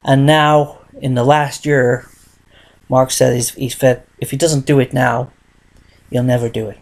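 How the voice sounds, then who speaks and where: A man's voice: medium pitch, level tone, a little slow. A man in his thirties telling a long, rambling story in a casual vlog monologue, circling back and repeating phrases as he goes. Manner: rambling, repetitive, restarts phrases, tells his story in third person. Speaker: vlogger.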